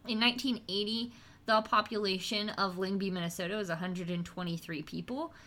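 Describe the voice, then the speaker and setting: A chatty woman co-hosting a relaxed podcast, with a bright, clear voice. She talks in a teasing way and laughs easily while she sets up a story. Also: mid-range voice, a little fast. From West Virginia, USA. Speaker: podcast co-host. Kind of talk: casual podcast chat, storytelling.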